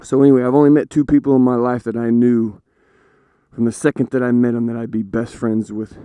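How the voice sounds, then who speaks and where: A man motovlogging from his motorcycle, chatting casually in an unhurried way and telling a joke into a helmet camera mic. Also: medium pitch, flat delivery, dark tone, smooth, no echo. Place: outdoors on a motorcycle. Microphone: helmet-mounted camera mic.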